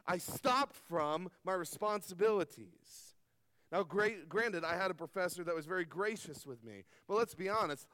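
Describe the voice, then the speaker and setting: A man preaches to a gathered audience, pitched high for his sex, telling stories from his own life with earnest conviction. He turns often to the crowd with questions. The close, dry voice is followed by a long reverb tail from a large meeting hall. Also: fairly bright tone. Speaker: pastor. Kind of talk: sermon.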